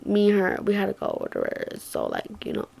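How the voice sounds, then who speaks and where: A woman's voice: medium pitch, huge pitch swings, quick pace, vocal fry, dark tone. A young woman telling a story to her viewers in casual chat, swearing freely and acting out what her friends said. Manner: chatty, swears a lot, acts out quoted friends. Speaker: vlogger.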